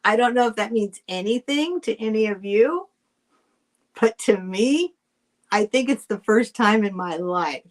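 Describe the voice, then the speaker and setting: A woman's voice: mid-range voice, expressive, measured pace. A middle-aged woman chatting casually while selling items on a live stream, rambling and thanking buyers by name. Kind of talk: casual live sale chat.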